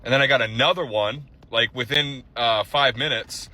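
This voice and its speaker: A man telling a story in a casual vlog, animated and profane, acting out both sides of a phone call. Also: medium pitch, moderate pace. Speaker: social media storyteller.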